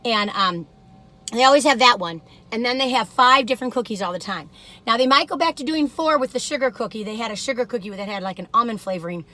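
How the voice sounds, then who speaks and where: This older woman vlogger, sitting in her car and trying cookies, talks at a quick pace in a fairly high, bright, forceful voice. Her casual chat is gushing and full of giggles.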